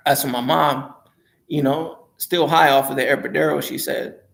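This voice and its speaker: A man's voice: mid-range voice, steady tone, moderate pace, creaky, a bit bright. A man casually telling his own life story in a rambling, hesitant way, often repeating and correcting himself.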